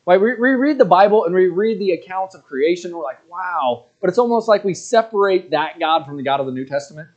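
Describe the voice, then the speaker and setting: A man's voice: sits high, lively intonation, fast, few pauses, darkish tone, dull audio. A man in his thirties giving a casual, rambling sermon, full of fillers and joking asides. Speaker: pastor.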